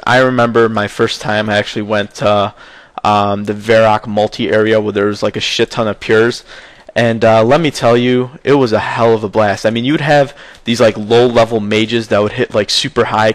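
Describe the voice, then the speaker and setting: A man's voice: medium pitch, dry recording. A young man chatting casually about his gaming memories, rambling with lots of fillers and frequent swearing. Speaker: gaming video maker. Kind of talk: casual nostalgic gaming chat.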